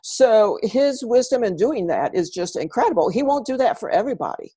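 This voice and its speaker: A woman, a guest animal communicator, telling stories in a casual interview and growing animated when quoting. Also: fairly high pitch, fairly quick, breathy edge, no room sound.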